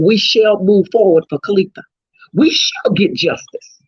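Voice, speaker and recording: Husky fervent middle-aged woman. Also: mid-range voice, a little slow, no echo. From Houston, Texas. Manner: fervent, preacherly, emotional. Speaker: grieving mother speaking out. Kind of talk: impassioned testimony. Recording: dull lo-fi recording.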